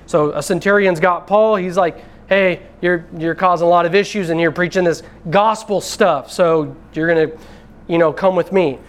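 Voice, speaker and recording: A man's voice: high voice, normal speed. A man preaching a conversational sermon from the pulpit, talking straight to the congregation and calling them brethren. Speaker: pastor. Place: church sanctuary.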